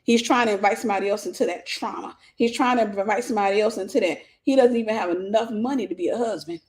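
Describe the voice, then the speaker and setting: A middle-aged woman preaching live, her coming through as she drives points home by repeating them. She slips into quoted voices and keeps an animated, conversational pulpit manner. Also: medium pitch, fast. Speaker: pastor and teacher. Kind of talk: livestreamed sermon.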